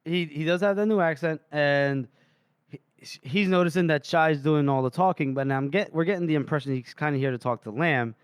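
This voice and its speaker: A man's voice: fairly high pitch, fairly quick, clean tone, no echo. A man co-hosting a book podcast, casually retelling chapter scenes and laughing often. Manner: paraphrases dialogue loosely, frequent laughs. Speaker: podcast co-host.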